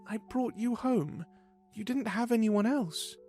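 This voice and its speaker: A man voicing a gentle, careful young man who speaks softly and calmly in a spoken story. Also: sits high, faint music behind, voice pushed up, exaggerated voice. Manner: soft, calm, measured.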